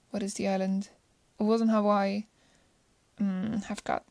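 A woman's voice: medium pitch, flat delivery, moderate pace, warm tone, no room sound. A woman chatting casually about a movie she loves, gushing and rambling, often restarting her sentences. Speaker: movie reviewer. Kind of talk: casual chat.

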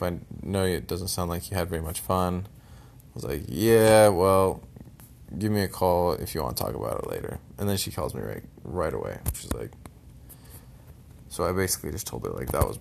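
A young man venting in a personal vlog, frustrated and bitter, swearing constantly and sometimes trailing off into low mutters. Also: vocal fry, a little hiss or hum.

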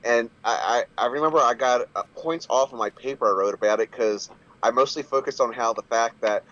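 A man's voice: medium pitch, brisk, a bit bright, muffled recording. A man chatting casually on a podcast, swearing freely and laughing often. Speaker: wrestler guest.

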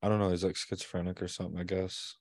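A man's voice: low-pitched, flat delivery, quick pace, dry recording. A man, a father, co-hosting a podcast, telling a childhood story in casual chat, swearing freely and acting out what people said. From Michigan. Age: adult parent. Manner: swearing storyteller who acts out quotes. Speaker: podcast co-host.

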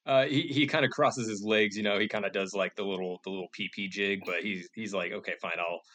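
A man's voice: on the low side, fairly even intonation, fairly quick, sharp tone. Rambling man running a tabletop game. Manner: rambling, many fillers and restarts. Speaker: game master. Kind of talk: narrating a comedic tabletop game.

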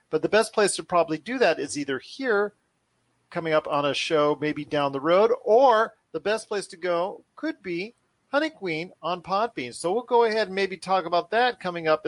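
A man hosting a pop culture podcast in energetic, rambling casual chat. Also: fairly high pitch, no room sound. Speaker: podcast host.

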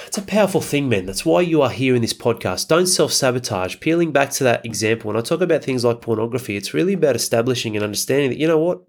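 A man's voice: medium pitch, expressive, quick pace, creaky. A man, hosting a podcast and talking bluntly with heavy swearing in a casual motivational monologue. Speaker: podcast host.

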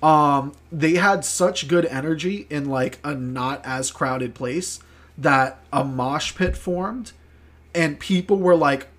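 A man's voice: fairly high pitch, slow pace, fairly bright tone. A man telling a rambling story on a podcast, full of filler words and swearing. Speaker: podcast co-host. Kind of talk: casual chat, storytelling.

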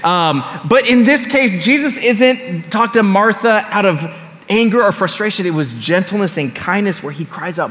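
A man's voice: a little high, a little fast, fairly bright tone. A man preaching a sermon to his church in a conversational way, with casual asides and repeated phrases. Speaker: pastor. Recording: long reverb of a large hall.

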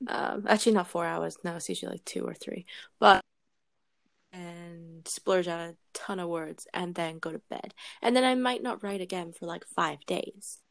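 A woman's voice: lowish voice, normal speed, vocal fry, no room sound, studio quality. A young woman, a guest author in a podcast conversation, chatting casually and filling her talk with "like". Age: young adult. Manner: chatty, many fillers like "like". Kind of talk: casual chat.

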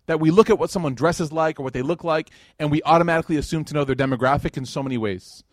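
A man giving a religious lecture to a live audience, telling stories in a lively, casual way with plenty of slang and fillers. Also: fairly high pitch, fast, no echo, clean studio sound. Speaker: Islamic lecturer.

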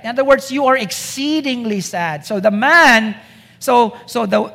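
There's vocal fry in this man's very high, bright, forceful voice as he preaches to a congregation. He keeps returning to rhetorical questions to make his points land, and a hall's long reverb surrounds him.

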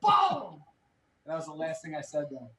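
A man in his thirties telling stories in casual chat, animated and rambling with lots of fillers. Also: a little high, rapid-fire, a crowd in the background. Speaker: podcast guest. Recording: echoey room.

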